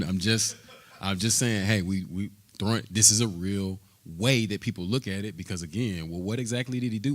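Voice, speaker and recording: Hombre de voz grave que enseña la Biblia. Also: male voice, on the low side. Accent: American English. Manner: conversational, checks in with frequent "right?"; reads scripture aloud, rising in emphasis. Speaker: Bible study teacher. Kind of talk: Bible study teaching.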